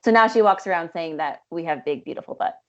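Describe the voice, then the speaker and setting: A woman's voice: lowish voice, fast talker. A woman co-hosting a podcast, talking reflectively and at length. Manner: reflective, rambling. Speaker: podcast co-host. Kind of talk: podcast conversation. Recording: dull lo-fi sound.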